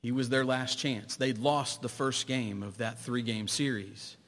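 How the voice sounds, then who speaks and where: A man, a pastor, preaching a sermon, telling stories and swinging between loud exclamations and hushed low tones. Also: a little slow, big-room sound.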